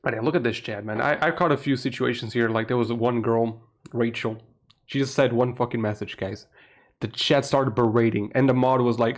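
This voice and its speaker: At night in a room at home, a young Portuguese man with a Portuguese accent chats on a live stream, keeping his voice low. He laughs often, swears casually, and speaks at a normal speed in a steady tone.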